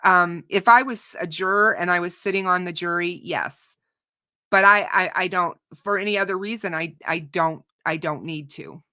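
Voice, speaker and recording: A woman hosting a true crime show, giving opinionated unscripted commentary to her audience, often restarting her sentences, her voice starting to go and clearing her throat. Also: on the low side, normal speed, sharp tone. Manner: opinionated, frequent restarts and repeated words. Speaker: true crime channel host.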